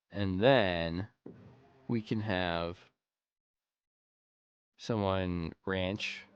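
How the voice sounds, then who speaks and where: Deep, smooth-voiced man thinking aloud. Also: no echo, highs cut off. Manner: rambling, thinks aloud while playing. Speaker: gameplay commentator. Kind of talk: casual let's-play commentary.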